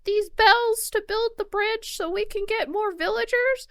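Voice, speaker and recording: A woman's voice: very high voice, a little slow, no echo, studio quality, pitched above the performer's own voice. A woman voicing a greedy male raccoon shopkeeper from a video game, in a mock-sweet nagging tone.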